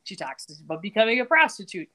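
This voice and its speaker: A woman's voice: medium pitch, sing-song, quick pace, pushed and bright. A woman co-hosting a podcast, casually recapping a TV episode in a chatty way with frequent laughter. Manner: chatty, giggly, often laughing mid-sentence. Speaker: podcast co-host.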